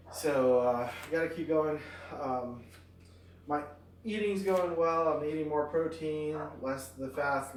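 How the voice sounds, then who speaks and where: A man talking casually through his exercise routine, relaxed and rambling with lots of fillers, sounding tired after exercise. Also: medium pitch, roomy sound, recorded from a distance, a little hiss or hum. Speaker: fitness vlogger. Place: at home near a backyard.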